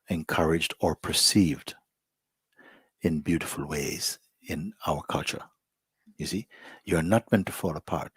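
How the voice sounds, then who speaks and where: Deep, husky man giving a soft spiritual talk. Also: dry recording, clean studio sound. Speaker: spiritual teacher. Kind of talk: satsang talk to a live gathering.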